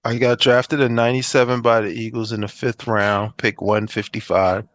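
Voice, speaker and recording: Middle-aged guy, ex football player, chatting in an interview, acts out the quotes, mid pitch, dry close sound. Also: moderate pace, no room sound. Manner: animated storyteller who acts out quoted dialogue. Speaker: interview guest, former pro football player. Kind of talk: casual storytelling interview.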